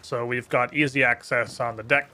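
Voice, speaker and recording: A man's voice: medium pitch, fairly even intonation, normal speed, sharp tone, a little hiss or hum. A man streaming a pirate game, chatty and teasing, laughing often. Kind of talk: casual gaming chat.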